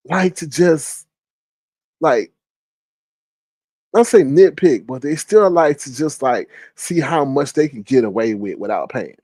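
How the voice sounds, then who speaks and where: A man doing casual gossip commentary on a livestream, reading chat aloud with a sassy drawl and leaping into high squeals when he quotes people. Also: darkish tone, no room sound.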